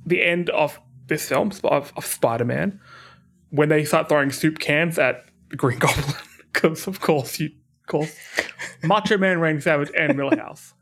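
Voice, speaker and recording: A man hosting a podcast, chatting casually in a jokey, rambling way with quick bursts. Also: a little high, gravelly, fairly bright tone. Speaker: podcast host.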